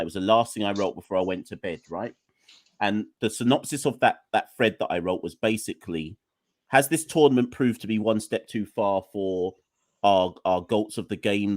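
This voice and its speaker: A man's voice: on the low side, no echo, studio quality. A man hosting a cricket podcast, speaking in an emphatic, exasperated way and talking straight to his listeners. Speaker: podcast host. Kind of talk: opinionated cricket podcast rant.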